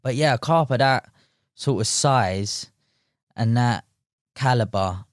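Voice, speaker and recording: A young man with a London accent, telling a fishing story as a podcast guest in a relaxed, slangy way, full of "mate" and "like". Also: mid-range voice, takes it slowly, no echo, studio quality. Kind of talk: casual storytelling.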